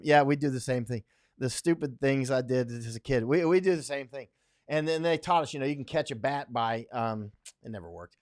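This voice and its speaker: A man's voice: medium pitch, moderate pace, dry recording, studio quality. A man from Florida hosting a casual livestream, rambling and chatty, reading viewer comments aloud with many fillers. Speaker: livestream host reading chat. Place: home in Thailand.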